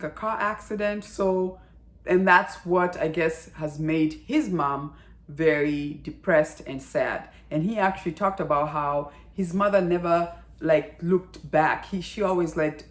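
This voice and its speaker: Woman, low voice, chatty drama reviewer, roomy echo. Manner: chatty, retells scenes with quoted lines and filler words. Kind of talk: casual video review.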